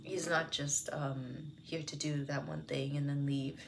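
Low-voiced woman talking through scripture, soft and earnest, lots of "like" and "you know", slips into whispers. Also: flat delivery, unhurried, vocal fry, background noise. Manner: drops into a whisper at times. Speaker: devotional video host. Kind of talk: reflective Bible commentary.

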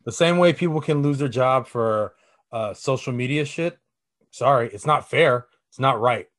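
Young man, podcast co-host, casual chat, rambling, swears, many fillers, mid-pitched voice. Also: moderate pace, fairly bright tone.

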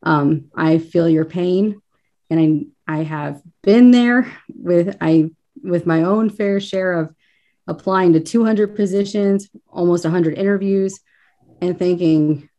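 A woman with a slight Kentucky lilt talks things through in a relaxed interview over a video call. Her voice sits a little low for a woman, and she is reflective, a bit self-deprecating, and quick to laugh. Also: highs cut off. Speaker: guest school counselor. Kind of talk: casual podcast interview.

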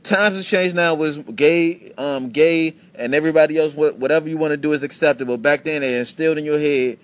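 Young man, animated profane podcast rant. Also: on the high side, fairly quick. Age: 20s. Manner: animated, profane storytelling with many restarts. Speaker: podcast host. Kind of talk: casual solo podcast rant.

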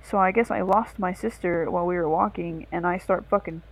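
A woman's voice: on the low side, steady tone, brisk, low-quality recording. A young woman co-hosting a casual podcast, telling a long story in a rambling, profane way. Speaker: podcast co-host.

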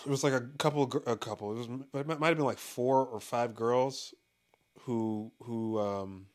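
A man's voice: medium pitch, moderate pace. Profane, rambling man laughing between rants. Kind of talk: casual comedic monologue.

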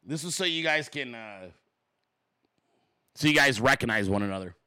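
A man's voice: medium pitch, animated, normal speed, sharp tone, smooth, dry recording, rough recording. A man hosting his own talk show, venting in an angry, profane, blunt monologue to his viewers. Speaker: show host.

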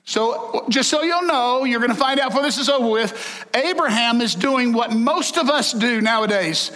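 A man preaches a sermon with a drawl, his voice high and bright. He jokes with the congregation in a folksy, lively way. The sound carries a long church-hall reverb. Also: moderate pace. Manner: folksy, animated, joking with the congregation. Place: church sanctuary. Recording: echoey hall.

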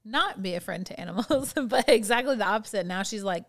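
A woman's voice: medium pitch, lively intonation, fairly quick. Bubbly middle-aged woman podcast cohost. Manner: bubbly, gushing, self-deprecating. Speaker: podcast co-host. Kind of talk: casual podcast chat.

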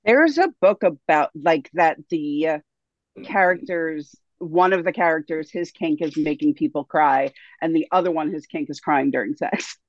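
Woman book reviewer, very low voice, dry muffled recording, casual agreeable chat. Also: no echo. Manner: agreeable, quick "totally" replies, laughs.

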